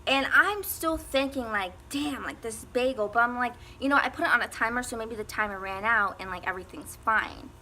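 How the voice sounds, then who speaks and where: A woman's voice: a little high, a little fast, hardly any pauses, very noisy. A teenage girl telling a casual storytime, rambling with lots of fillers and frequent laughs. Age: teens. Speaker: vlogger.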